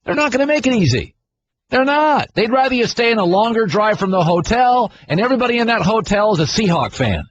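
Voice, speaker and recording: A middle-aged man hosting a sports talk radio show, arguing his opinions in a brash, animated way. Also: sits high, fairly quick. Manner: brash, argumentative, mimics people in loud voices. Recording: dull broadcast audio with faint noise.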